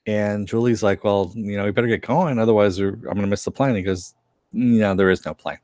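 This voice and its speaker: A man's voice: lowish voice, steady tone, a little fast, darkish tone, no room sound, studio quality. A man co-hosting a casual review chat, retelling scenes and acting out lines. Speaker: podcast co-host reviewing a TV episode.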